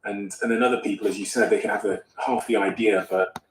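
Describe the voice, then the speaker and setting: A man's voice: fairly low pitch, fairly even intonation, fast talker, echoey room, distant mic, low-quality recording. A man hosting a podcast conversation, talking casually and asking probing questions. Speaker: podcast host.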